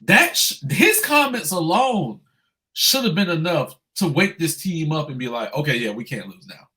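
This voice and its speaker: A man co-hosting a sports podcast, talking in a bright, forceful voice. His pitch swings widely as he rants and swears. He gets loud when he's worked up. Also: moderate pace. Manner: animated and profane, ranting loudly when upset. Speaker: podcast co-host. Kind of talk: casual sports podcast chat.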